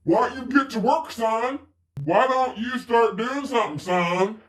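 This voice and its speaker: A woman's voice: fairly high pitch, measured pace, distant mic, close to an everyday voice. A woman doing a bossy angry male supervisor. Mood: scolding. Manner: stern, repeats "son" to scold.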